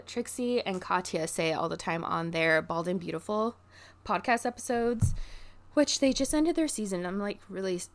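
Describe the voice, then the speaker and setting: A woman vlogger telling a story in a casual, chatty way, full of "like" fillers and excited gushing. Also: on the low side. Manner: chatty, filler-heavy with constant "like".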